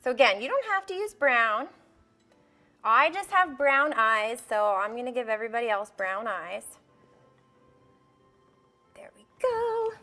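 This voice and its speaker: A woman's voice: a little high, sing-song, a little slow, pauses often, pushed and bright, soft background music. A young woman hosting a live baking show for kids, bubbly and coaxing as she talks straight to the children at home. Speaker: host of a kids' baking show. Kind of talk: live cooking demonstration for kids.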